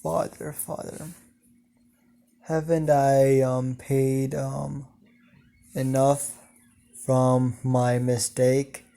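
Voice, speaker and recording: A man voicing a sarcastic, malicious male demon, son of the devil, with slow, halting delivery. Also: medium pitch, little pitch movement, vocal fry, dark tone. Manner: slow, halting, full of ums. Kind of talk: reading a fan story aloud.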